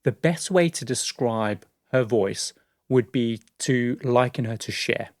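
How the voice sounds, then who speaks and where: A man's voice: medium pitch, slow, no echo, studio quality. A man co-hosting a podcast, telling a story in a casual, chatty way with lots of fillers and laughs. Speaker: podcast co-host.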